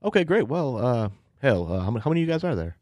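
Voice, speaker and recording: A man's voice: mid-range voice, big pitch swings, racing, darkish tone, no echo, pitched above the performer's own voice. A man voicing a friendly brother on a phone call, easygoing and welcoming.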